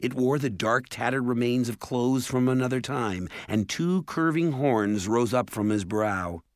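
A man narrating a storybook in a measured, steady way. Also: medium pitch, no echo, clean studio sound. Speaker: audiobook narrator. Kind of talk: scripted narration.

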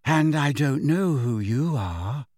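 A dreamy, faraway teenage girl speaks slowly in a sing-song lilt, as a male audiobook narrator puts her on. Her tone sits apart from the narrator's usual timbre, drawn out and airy. The recording is dry and close. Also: medium pitch, animated, darkish tone, no echo.

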